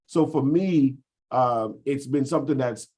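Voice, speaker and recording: A man's voice: mid-range voice, a little slow, dark tone, breathy edge. A man from the US Virgin Islands, talking over a video call in a casual group discussion and explaining at length with frequent fillers.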